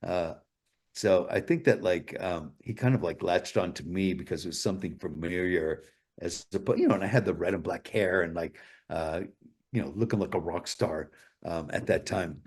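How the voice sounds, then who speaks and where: A man's voice: low voice, normal speed, darkish tone. A male guest telling stories in a casual interview, rambling and swearing a lot. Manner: profane, rambling, full of fillers.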